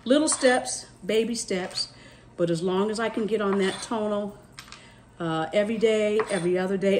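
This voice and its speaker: A woman's voice: mid-range voice, moderate pace, a little hiss or hum. A middle-aged woman, chatting casually to her viewers while she cooks in her home kitchen. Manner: chatty, talks straight to viewers with "y'all". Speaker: cooking vlogger. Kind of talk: casual chat while cooking. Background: dishes and cutlery clatter.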